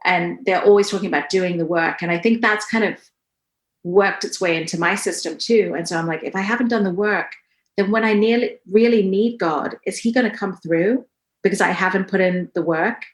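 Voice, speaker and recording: A woman's voice: mid-range voice, brisk. A woman in her forties, a podcast guest, talking earnestly and with feeling in a casual conversation. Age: 40s. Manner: earnest and emotional, animated storytelling. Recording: roomy echo.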